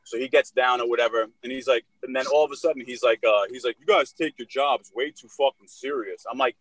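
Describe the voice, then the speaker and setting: A young man co-hosting a casual podcast, telling a long story full of swearing and filler words, and loudly acting out the shouted lines of the people in it. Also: mid-range voice, fast, no room sound, rough recording. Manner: profane, rambling, with heavy fillers; acts out shouted quotes in a raised voice. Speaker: podcast co-host.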